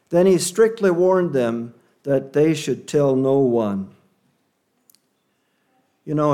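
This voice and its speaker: A male preacher delivers a sermon at an unhurried, deliberate pace. His voice sits a little high for a man, and he speaks earnestly. He leans on key words to stress them. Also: warm tone.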